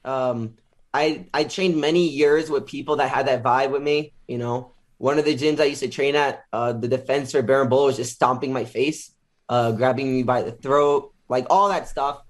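A man being interviewed as a guest, casually retelling a story with lots of filler words and animated quotes. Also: mid-range voice, moderate pace.

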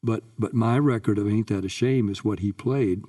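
Older man telling stories, low and mellow. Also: normal speed, far from the mic. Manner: lively recounting, acts out quoted voices. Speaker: guest singer. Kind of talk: anecdotal interview storytelling.

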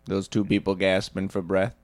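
A man playing a chatty, easily pleased restaurant regular, telling stories in a gushing, animated way in an improvised comedy podcast. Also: deep voice, normal speed, dry recording, studio quality, close to an everyday voice.

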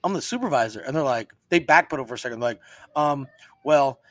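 A man's voice: mid-range voice, lively intonation, racing, fairly bright tone, no echo. A man co-hosting a podcast in casual chat, swearing freely and telling stories with quoted voices. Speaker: podcast co-host.

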